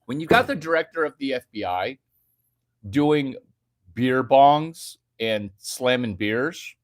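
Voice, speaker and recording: A man's voice: mid-range voice, big pitch swings, slow pace, no room sound, studio quality. A man hosting a livestream, reading chat aloud and riffing on it in a provocative, mocking way. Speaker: livestream host.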